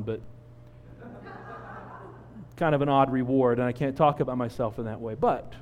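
A man in his forties preaching a sermon, telling a personal story with lively acted-out quotes. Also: mid-range voice, in a large hall. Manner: animated storyteller, acts out quotes. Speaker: pastor.

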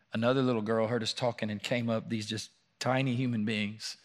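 A pastor speaks earnestly and briskly in a church room, his lowish voice mostly flat. He gets louder and higher when reading scripture, then goes quiet as he shares personal stories.

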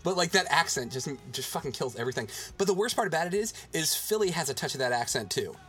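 A man co-hosting a casual chat show, animated and swearing freely, laughing often and mimicking regional accents. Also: on the high side, fast talker. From Virginia. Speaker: podcast co-host.

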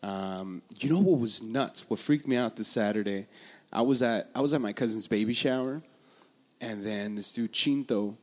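A man in casual chat, telling rambling, profane stories that turn animated when he gets excited. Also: lowish voice, moderate pace. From Los Angeles area, USA.

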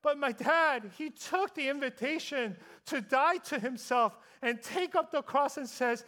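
High-voiced man telling a sermon story. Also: a little slow, hardly any pauses, bright, forceful tone. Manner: chatty, self-deprecating, builds to fervent preaching. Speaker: pastor.

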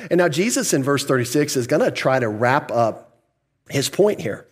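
A man's voice: mid-range voice, big pitch swings, normal speed, husky. A man pastor preaching a sermon, putting questions to the congregation, answering them himself, and chuckling now and then.

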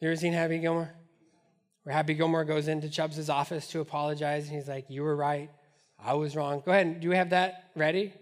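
A man preaching a sermon, lively, acting out the voices in the scripture he reads. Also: fairly high pitch, a little fast. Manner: animated, acts out scripture voices. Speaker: pastor.

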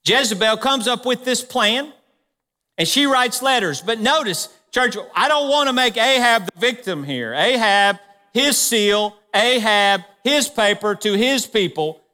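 A male pastor preaching a sermon in a church, conversational and animated as he retells a story, with the room echoing. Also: very high voice, measured pace.

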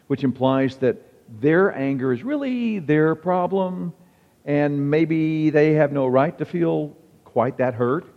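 A man's voice: on the high side, slow pace. A male pastor preaching a sermon in a conversational, wry manner, quoting examples as he goes. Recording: dull sound with long hall reverb.

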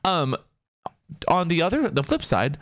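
A man's voice: fairly high pitch, sing-song, measured pace, a bit bright, dry recording, studio quality. A man co-hosting a podcast in casual, teasing banter. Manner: teasing, playful, puts on silly voices. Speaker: podcast co-host.

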